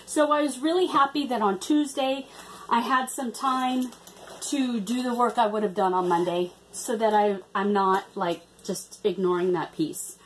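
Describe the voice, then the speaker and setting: A woman talks through her week's craft projects in a relaxed, rambling vlog style. Her voice sits a little high, and she fills pauses with ums and self-corrections. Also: a little hiss or hum. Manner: chatty, hesitant, many ums and restarts. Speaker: cross-stitch vlogger. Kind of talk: casual vlog chat.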